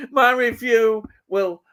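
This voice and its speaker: 说话慢悠悠、爱调侃的英国男人. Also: male voice, very high-pitched, expressive, drawn-out words, pushed and bright. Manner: teasing, laughs often. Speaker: co-host of a film chat live stream. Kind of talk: casual banter, reading chat comments.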